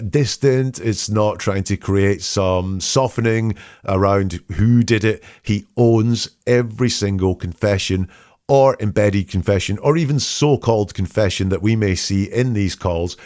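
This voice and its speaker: A man hosting a podcast, analysing statements in a measured, questioning way and reading quotes aloud. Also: fairly low pitch, a little mellow, no room sound, studio quality. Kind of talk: analytical commentary.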